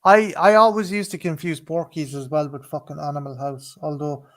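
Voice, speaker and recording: A man's voice: a little high, steady tone, moderate pace. Swearing man, stammering restarts. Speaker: podcast co-host. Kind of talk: casual chat.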